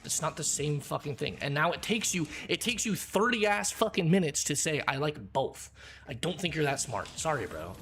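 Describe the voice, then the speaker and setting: A male game streamer in a heated rant at a viewer, blunt and profane. He hammers the same points over and over with a very animated, swinging pitch. A faint hum of room ambience sits behind him. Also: brisk, gravelly, hardly any pauses. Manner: lectures in a hammering, repetitive way.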